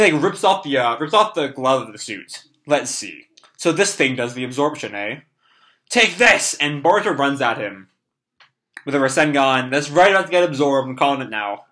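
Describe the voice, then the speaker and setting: A young man with a mid-range, hoarse and worn voice reacts live to a comic chapter, rambling along and packing his talk with "like" and "uh." Despite the strain, his tone stays bright, and the whole thing feels like a relaxed, unscripted fan reaction.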